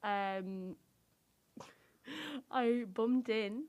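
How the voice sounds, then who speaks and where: A woman's voice: mid-range voice, fairly even intonation, very slow, a little mellow, clean tone. A young woman, co-hosting a podcast and telling a dating story in casual chat, laughing often. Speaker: podcast co-host.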